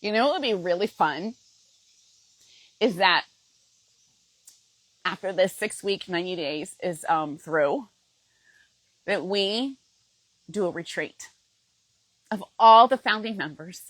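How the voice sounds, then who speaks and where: A woman's voice: on the low side, animated, slow, pauses often, fairly bright tone, dry recording, poor audio. A middle-aged woman coach talking straight to her viewers in a heartfelt, emotional way, often checking in with "okay?". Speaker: fitness program coach. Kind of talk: heartfelt direct-to-camera pitch.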